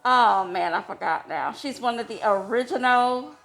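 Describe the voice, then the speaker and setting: A woman telling a casual personal story, chatty and quick to laugh, her voice jumping high when she gets excited. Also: vocal fry, faint music behind. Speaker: vlogger. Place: homeless shelter.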